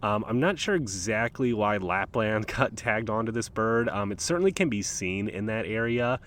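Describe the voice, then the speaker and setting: A low-voiced man hosts his nature podcast in an easygoing, chatty way, sprinkling his talk with ums and uhs. He records outdoors at the water's edge in a park. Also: animated, moderate pace, a bit bright, slight background noise. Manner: laid-back, rambling, frequent ums and uhs. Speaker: podcast host. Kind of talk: casual solo nature podcast.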